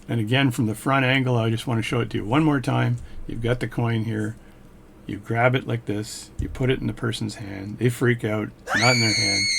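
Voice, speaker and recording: Gravelly low-voiced man teaching coin magic. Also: a little hiss or hum. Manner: chatty, demonstrates step by step. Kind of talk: casual hands-on tutorial.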